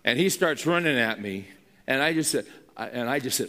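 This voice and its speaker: A man's voice: mid-range voice, animated, brisk, sharp tone, in a large hall. A male pastor preaching and telling a story in an emphatic, conversational way. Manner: emphatic, conversational, with frequent restarts. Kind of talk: sermon storytelling.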